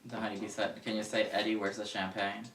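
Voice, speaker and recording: A person off to the side of a live stream, reading viewer comments aloud in a flat, offhand way. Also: medium pitch, fast talker. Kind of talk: casual live-stream chat. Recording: distant echoey room sound.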